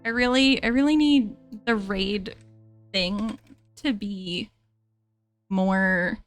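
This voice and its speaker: A woman's voice: mid-range voice, slow, faint music behind. A young American woman streamer, chatting casually to her viewers, rambling and laughing and correcting herself as she goes.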